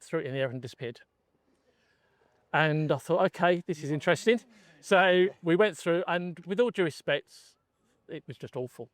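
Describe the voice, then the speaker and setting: A middle-aged English gun dog trainer, appearing as a podcast guest, tells his story casually with many restarts. His voice is a little high, and there's no room sound.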